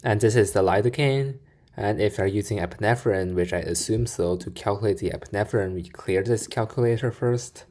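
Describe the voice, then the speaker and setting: A man's voice: on the low side, brisk, a little mellow. A man explaining step by step. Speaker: video reactor. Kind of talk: reaction commentary.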